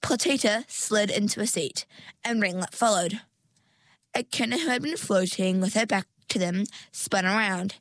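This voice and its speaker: A woman reading a children's storybook aloud in a calm, measured way. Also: mid-range voice, no echo. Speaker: reader. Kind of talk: storybook narration.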